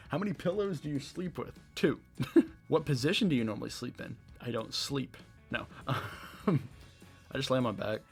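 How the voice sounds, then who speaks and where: A young man with a light Southern American accent, answering rapid-fire questions on his own podcast, rambling and laughing at himself. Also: medium pitch, gravelly, slightly rough, faint music behind. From Southeastern United States. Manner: rambling, self-deprecating, laughs often. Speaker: podcast host. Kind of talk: casual Q&A monologue. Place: his bedroom.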